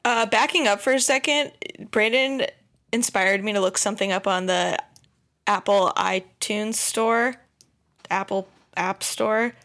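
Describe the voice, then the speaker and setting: A woman co-hosting a casual comedy podcast, dropping deadpan quips and quiz questions. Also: mid-range voice, unhurried. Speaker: podcast co-host.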